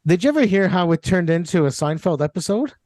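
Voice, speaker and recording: High-voiced animated male storyteller. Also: fast, no room sound, studio quality. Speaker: radio co-host. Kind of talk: casual storytelling chat.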